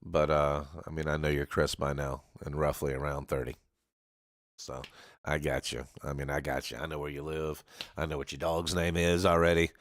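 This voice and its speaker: A man's voice: extremely low pitch, little pitch movement, moderate pace, no room sound. A man hosting a live karaoke stream, chatting in a rambling, joking way and talking straight to his viewers. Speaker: livestream karaoke host greeting viewers. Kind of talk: casual rambling chat.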